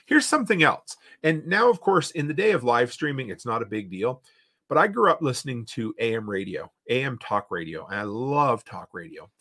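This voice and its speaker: Rambling Eastern Canadian podcast host. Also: male voice, medium pitch, very animated, normal speed, bright, forceful tone. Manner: rambling, reads viewer comments aloud and reacts. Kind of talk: casual livestream chat.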